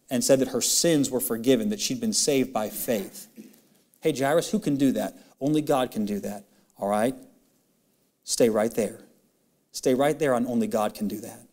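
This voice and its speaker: A male pastor preaching a sermon and reading scripture. He is impassioned, and his voice climbs high on emphatic questions. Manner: reads old-style scripture in a quick, steady run.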